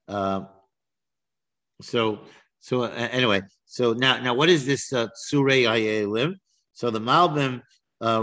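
A man's voice: mid-range voice, a bit bright. A man teaching an informal text-study class, reading verses aloud and then explaining them with frequent restarts and fillers. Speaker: Torah teacher.

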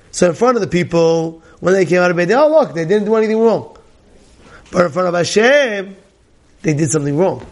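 A male rabbi giving a Torah class, telling animated stories, often laughing and repeating himself. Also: high-pitched. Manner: animated storytelling, many repetitions; laughs often while talking.

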